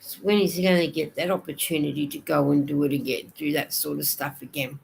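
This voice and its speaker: A woman's voice: deep voice, fairly even intonation, brisk, vocal fry, a little mellow, slight background noise, rough recording. Chatty Australian woman hosting a live stream. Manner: chatty, reads viewer comments aloud and answers them. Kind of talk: casual live stream chat.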